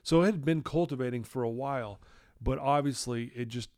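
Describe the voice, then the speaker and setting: A middle-aged man from Utah, a podcast guest telling his life story earnestly and acting out quoted dialogue in a hushed voice. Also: mid-range voice, brisk, no echo, studio quality. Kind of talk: candid podcast conversation.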